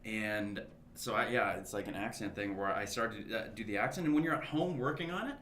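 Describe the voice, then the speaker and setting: Man, actor, casual roundtable chat, animated storytelling, roomy sound. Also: fairly low pitch, a little fast, a little hiss or hum. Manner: animated, retells his own thoughts as quotes.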